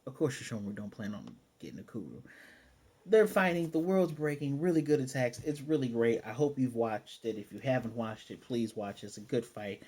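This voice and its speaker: Male anime reviewer, mellow husky tone, energetic slangy recaps. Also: mid-range voice, a little fast. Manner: excitable, slangy, swears, acts out scenes. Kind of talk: casual episode review.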